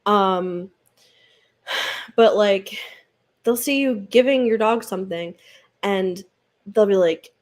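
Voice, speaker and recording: A woman's voice: medium pitch, takes it slowly, pauses often. A woman hosting a read-along livestream, chatting casually, rambling with lots of fillers and frequent giggles. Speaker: booktube host.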